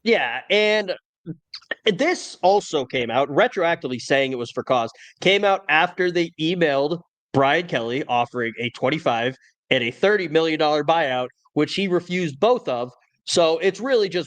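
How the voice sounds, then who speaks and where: A man hosting a college football podcast, his voice sitting a little high for a man. He talks in a wry, opinionated, casual way about the latest news. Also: lively intonation, moderate pace, fairly bright tone. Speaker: podcast host. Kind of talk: casual sports talk.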